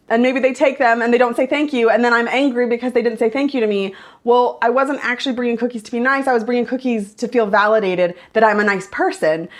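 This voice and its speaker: A woman, a mother, vlogs to her channel in a casual storytelling style. Her voice sits fairly high. She talks in a lively, chatty way and often quotes herself. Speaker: vlogger and mother.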